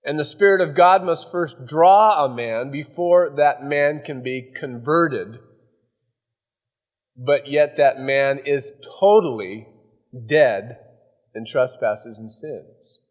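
A man's voice: mid-range voice, slow, long reverb tail. A man preaching a verse-by-verse sermon as pastor, folksy and conversational, often acting out asides.

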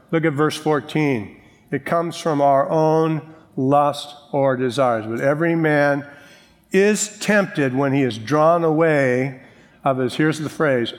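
A male pastor preaching a sermon, joking with the congregation and slowing down to stress key words. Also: mid-range voice. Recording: long reverb of a large hall.

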